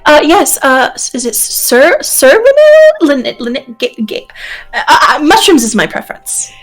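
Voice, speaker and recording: Excitable high-voiced woman player. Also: measured pace, soft background music. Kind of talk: tabletop role-play.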